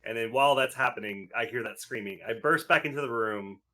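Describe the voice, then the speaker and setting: A man playing a tabletop role-playing game, with a bright, edgy tone. He describes what his character does in halting bursts, full of fillers and restarts. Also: medium pitch. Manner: hesitant, many fillers and restarts while describing actions. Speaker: player.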